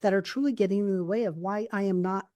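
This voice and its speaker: Speaking fast in a steady, mid-range voice with no room sound, a woman coach and therapist tells heartfelt stories on a casual podcast. Her storytelling is earnest and conversational, full of warm anecdotes.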